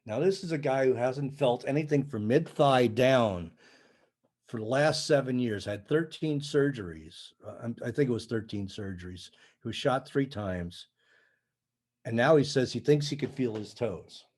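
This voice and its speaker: An older man with a mellow, warm tone, chatting casually as a podcast guest. He tells his story in a lively way, acting out each side of the conversation. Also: mid-range voice, normal speed. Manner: animated storyteller, acts out dialogue. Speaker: sound healing practitioner, podcast guest.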